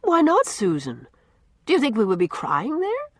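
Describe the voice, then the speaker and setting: A woman's voice: a little high, wildly swooping pitch, moderate pace, no room sound, studio quality, voice pushed up. A woman voicing a dreamy, imaginative doctor's wife who speaks wistfully. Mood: teasing.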